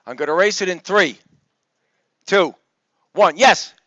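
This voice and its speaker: Casting: male lecturer, high voice, loud and teasing, dry dull recording. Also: unhurried, dry recording. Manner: joking, coaxing, calls students by name; loud, projects voice to the room. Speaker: engineering professor. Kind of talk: lecture review session.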